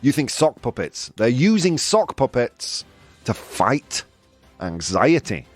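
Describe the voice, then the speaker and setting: A man's voice: medium pitch, very animated, slow pace, soft background music. A man hosting a live news quiz stream, chatting playfully with viewers and laughing often. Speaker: host.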